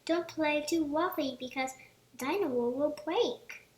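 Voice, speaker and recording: A woman's voice: high-pitched, unhurried, darkish tone, echoey room, distant mic. A woman voicing a jolly, kindly cartoon pig father in a cheerful, fatherly storybook voice.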